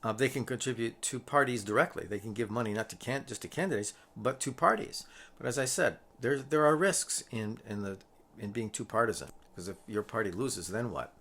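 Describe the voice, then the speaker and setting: A man's voice: mid-range voice, brisk, a bit bright, slightly rough. A middle-aged man giving a recorded political science lecture, walking through slides with frequent fillers and restarts.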